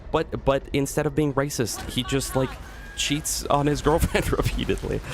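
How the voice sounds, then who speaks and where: A man livestreaming a video game, ranting to his chat in a lively, mocking way. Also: medium pitch, moderate pace, creaky, slight background noise. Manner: ranting, animated, mocking impressions. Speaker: streamer. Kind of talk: live gameplay stream chat. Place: loud room.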